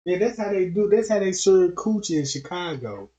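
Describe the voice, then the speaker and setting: A man's voice: sits high, expressive, normal speed, dark tone. A man streamer telling profane, rambling comedic stories in a livestream rant. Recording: dull lo-fi stream audio.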